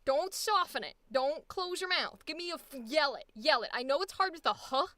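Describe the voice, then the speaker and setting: An American woman from the United States coaches voice acting in a live-streamed session, blunt, profane, and laughing often. Her voice is high, animated, pushed and bright, at a normal speed, with no room sound.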